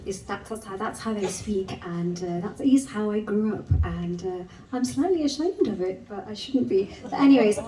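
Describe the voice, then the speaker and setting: A woman's voice: mid-range voice, mellow, a little hiss or hum. Woman poet in an echoey venue. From Wolverhampton, England. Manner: slow, rhythmic poetic delivery, then chatty and laughing between poems. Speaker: spoken word poet. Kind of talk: live spoken word performance and stage chat. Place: live performance venue. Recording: echoey room, mic picked up from some distance. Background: faint live music.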